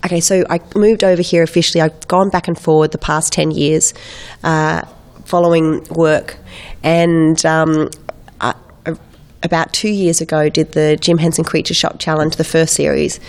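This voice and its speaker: An Australian actress in her thirties chatting as an interview guest, animated and quick with impressions, still getting over a head cold. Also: low-pitched. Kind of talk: casual chat.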